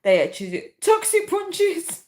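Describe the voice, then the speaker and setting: A woman's voice: extremely high pitch, very animated, moderate pace, darkish tone. A young woman chatting casually on a livestream, reading out comments and laughing often. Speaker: livestream host.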